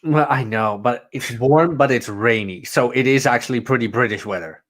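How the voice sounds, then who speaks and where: A man's voice: medium pitch, normal speed, a bit bright. A man, co-hosting a podcast in casual chat, brash and boastful with slangy turns of phrase. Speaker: podcast co-host.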